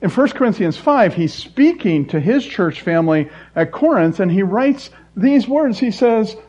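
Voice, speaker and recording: A man delivering a sermon with a lively, animated delivery, his slightly raised voice leaping up for emphasis and then dropping to soft asides. The recording sounds dull and lo-fi. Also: high voice, unhurried. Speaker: pastor.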